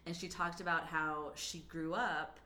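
Bright woman in an echoey room. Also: low-pitched, measured pace. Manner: animated, heavy use of "like". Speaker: podcast co-host. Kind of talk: casual chat.

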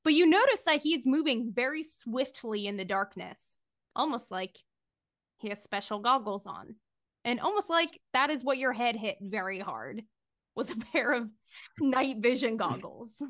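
High-voiced woman game master narrating. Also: animated, moderate pace, a bit bright. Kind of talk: narrating a tabletop horror game.

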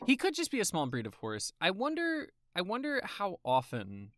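A man's voice: sits high, wildly swooping pitch, moderate pace, a bit bright, no room sound, studio quality. A man co-hosting a podcast, chatting casually and playfully and reading news quotes aloud. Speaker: podcast co-host.

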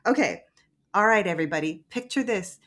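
A woman's voice: mid-range voice, expressive, brisk, a bit bright. A woman co-hosting a podcast, recapping a movie in casual, profane chat with frequent giggling. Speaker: podcast co-host.

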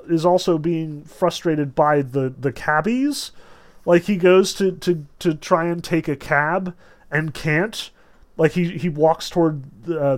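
Male lecturer, casual and chatty, slightly higher pitch, walks listeners through a novel. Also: a little mellow. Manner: chatty, lots of "like" and "you know", amused asides. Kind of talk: casual book discussion with read-aloud passages.

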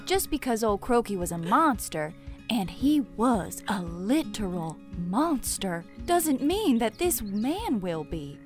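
A woman's voice: mid-range voice, big pitch swings, slow pace, faint music behind. A woman playing a doting, folksy older mother with a drawling, theatrical way of talking. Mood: comforting.

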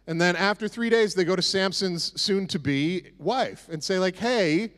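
Preacher guy, kinda high voice, jokey and sarcastic, big echoey hall. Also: normal speed, fairly bright tone. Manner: casual and joking, with sarcastic asides. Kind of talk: conversational sermon.

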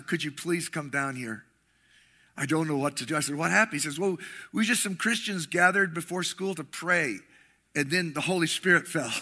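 Middle-aged male pastor, high bright voice, animated storytelling sermon delivery. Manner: animated storytelling, acts out voices with rising shouts.

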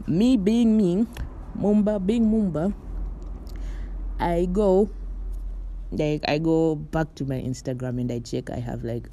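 In an extremely low, dark-toned voice, a young woman from Morocco hosts her solo podcast from bed, chatty and rambling with frequent "like" and "you know" and light laughs. A little hiss or hum sits in the recording.

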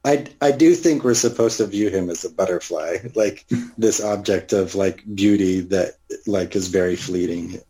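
A man with a low, mellow voice joins a relaxed film discussion. He explains his points at length, leaning on fillers as he works through his thoughts. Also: normal speed, rough recording. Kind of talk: casual chat.

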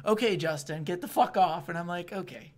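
A man's voice: high-pitched, fairly quick. A young man talks casually about life as a stand-up comic. He tells his stories with energy and acts out the voices of hecklers and hosts. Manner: animated storyteller, acts out hecklers. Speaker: stand-up comedian. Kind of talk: casual chat.

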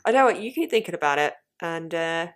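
A woman co-hosting a podcast in casual chat, animated, laughing easily and playfully indignant at her partner's teasing. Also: fairly low pitch, quick pace. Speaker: podcast co-host.

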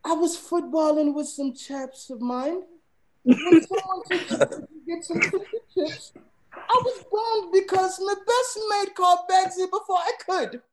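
A man's voice: very high voice, measured pace, voice pushed up, rough recording. A man putting on a drifting British accent to voice a young lad chatting about football with his mates, with playful, exaggerated slang. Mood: jokey. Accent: put-on British, drifting.

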